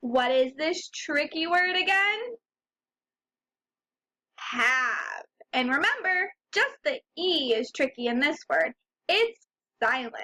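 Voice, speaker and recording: Casting: woman teacher for a young children's reading lesson, high pitched, unhurried, sounds out each letter patiently. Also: animated, pushed and bright.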